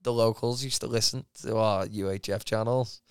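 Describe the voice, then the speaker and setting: A man's voice: fairly low pitch, fairly even intonation, normal speed, clear, resonant tone, no room sound, studio quality. A man co-hosting a podcast, crude and jokey, casually swearing through his stories. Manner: crude, jokey, puts on mates' voices in anecdotes. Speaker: podcast co-host. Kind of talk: casual chat.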